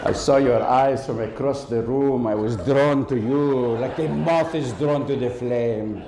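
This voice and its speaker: Suave Latin-lover caricature, a man doing the bit: deep, slow, crooning, live theater echo. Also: noisy background, close to an everyday voice. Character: smooth, suave male Latin-lover charmer. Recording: roomy live theater with crowd.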